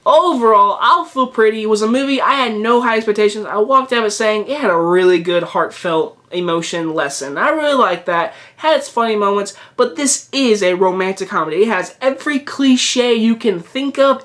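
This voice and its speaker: A man's voice: high-pitched, fairly bright tone. A young man talking casually to camera in a movie review, chatty and repetitive, with frequent restarts and fillers. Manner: chatty, repeats himself, many restarts and fillers.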